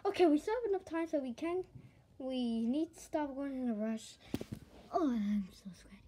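A woman performing a playful toy skit, excitably switching between character voices. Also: high-pitched, moderate pace, slight background noise.

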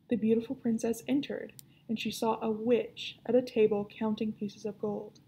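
A woman librarian reading a children's novel aloud with clear, expressive storytelling. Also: medium pitch, measured pace, slight background noise.

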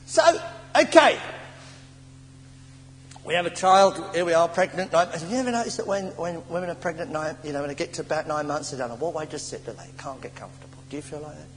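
An English man preaching a sermon in a church, telling stories with animated stammers and sighs. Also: on the high side, brisk. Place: church hall. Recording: old church sermon tape in a reverberant hall with faint hiss.

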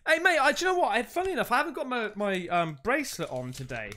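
A man hosting a casual unboxing vlog, chatty and excitable, calling his viewers mate. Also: very high-pitched, fast talker. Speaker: YouTube host.

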